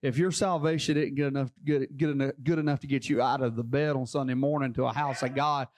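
A man pastor preaching a sermon in a church, fervent and repetitive, building up to shouts. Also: medium pitch, fairly even intonation, fast.

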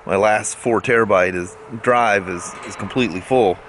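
A man talking casually in a daily vlog, relaxed and rambling, often chuckling. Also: on the low side, moderate pace, slight background noise. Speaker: vlogger. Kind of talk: casual chat. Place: driving home, then at home outdoors.

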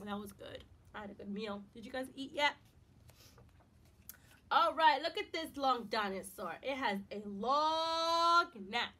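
A woman leads a preschool lesson in a high, bright voice that swoops up and down. She speaks slowly and warmly encouraging, with a sing-song lilt, and spells words out letter by letter. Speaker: preschool teacher. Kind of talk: online circle-time lesson for young children.

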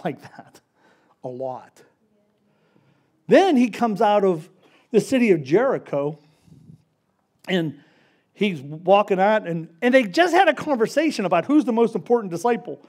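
A man preaching a casual, story-driven sermon, acting out the characters in quick voices. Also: high voice, a little mellow. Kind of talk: conversational sermon.

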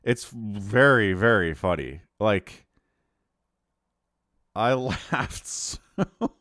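A man doing video game commentary, animated and incredulous, laughing often and turning sarcastic. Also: lowish voice, drawn-out words, dry recording, clean studio sound. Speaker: game caster.

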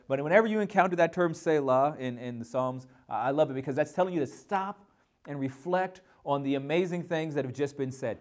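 Brief: male pastor teaching, high voice, emphatic, energetic, repeats words at the start of phrases. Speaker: pastor teaching a Bible lesson. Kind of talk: sermon.

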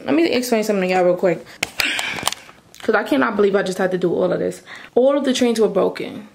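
A young woman talking casually to her viewers in a vlog, chatty and animated as she recounts her day. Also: mid-range voice, a little hiss or hum. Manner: chatty, addresses viewers as y'all. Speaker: vlogger.

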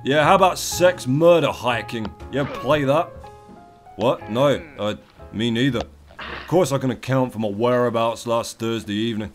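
A man doing comedic let's play commentary, profane and theatrical, yelling at the game and its maker. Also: mid-range voice, moderate pace, faint music behind.

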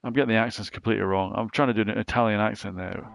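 Gravelly-voiced man narrating his gameplay. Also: on the low side, steady tone, racing, no room sound. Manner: casual, thinking out loud. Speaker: gaming channel host. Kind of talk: let's play commentary.

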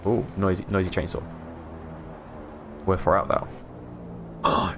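A man's voice: low voice, lively intonation, takes it slowly, vocal fry, noisy background. A British man live streaming a game in casual chat, mumbling and slurring his words and laughing often.

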